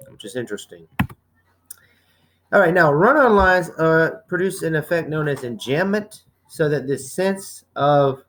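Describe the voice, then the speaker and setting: A man's voice: fairly high pitch, slight background noise. A man teaching a recorded slide lecture at home, casual and chatty, reading examples aloud. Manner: casual, chatty, with asides to a child.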